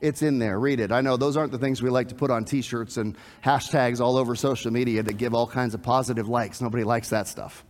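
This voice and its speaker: A man preaching a sermon, animated, asking the congregation questions and acting out scenes. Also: mid-range voice, brisk, few pauses, big-room sound. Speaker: pastor.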